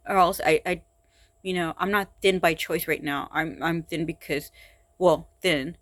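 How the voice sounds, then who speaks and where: Weary, halting woman venting, dry sound. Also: on the low side, steady tone, a bit bright, dry recording. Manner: halting, weary, full of sighs and restarts. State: exhausted and frustrated. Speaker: vlogger. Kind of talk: personal confessional vlog.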